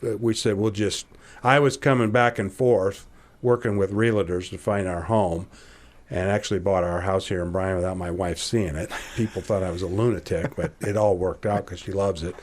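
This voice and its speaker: A man around sixty from Ohio, speaking low at normal speed, is a podcast guest telling a personal story. He's casual and animated, acting out the dialogue and laughing at himself.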